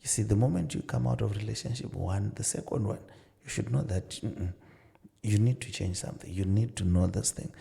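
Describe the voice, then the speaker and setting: A middle-aged man, a marriage counsellor and pastor, earnestly telling stories and acting out dialogue in a relaxed conversation. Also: low-pitched, creaky. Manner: earnest storytelling with many "you know" asides, acting out dialogue. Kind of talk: casual advice-giving conversation.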